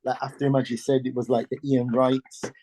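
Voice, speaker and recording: Man, mellow warm voice, halting casual chat, dry close sound. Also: mid-range voice, flat delivery, dry recording. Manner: halting, restarts a lot. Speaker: podcast co-host.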